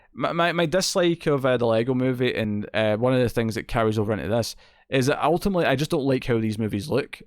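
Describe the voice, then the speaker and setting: A man's voice: medium pitch, clear, resonant tone, no room sound. Casting: male film reviewer, conversational and rambling, resonant voice, dry close sound. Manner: rambling, with many fillers and restarts. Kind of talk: casual spoken movie review.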